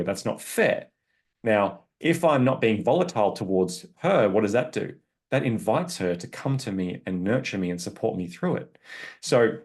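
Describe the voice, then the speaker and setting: A man's voice: mid-range voice, a little mellow. A man speaking as a parenting coach on a podcast, earnest and instructive, often checking in with "okay?". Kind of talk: podcast interview.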